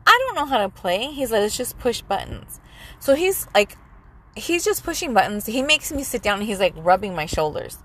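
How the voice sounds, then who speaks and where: A woman's voice: a little high, fairly quick. Blunt young woman telling a dating story. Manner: animated, blunt, swears freely, says "like" often. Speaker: storyteller in a chat. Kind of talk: casual chat.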